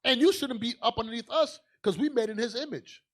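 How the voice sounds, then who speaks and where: A man preaching a fiery sermon as a bishop, emphatic and calling out to the congregation, swinging from low asides to loud declarations. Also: a little fast.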